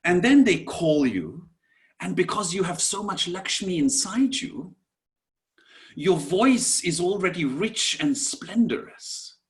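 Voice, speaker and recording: Slow, lilting male teacher. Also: high voice, expressive. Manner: slow, gentle, repetitive teaching with soft whispered asides; addresses listeners as "my dears". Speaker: Sanskrit teacher. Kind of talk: online class lecture.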